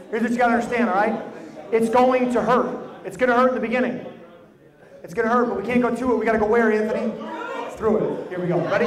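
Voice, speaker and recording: High-pitched male coach, emphatic and directive, live in an echoey room full of people. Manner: emphatic and directive, repeats his cues. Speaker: motivational coach leading a group exercise. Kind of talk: live instruction to a group. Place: large room with an audience. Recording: echoey hall with crowd noise.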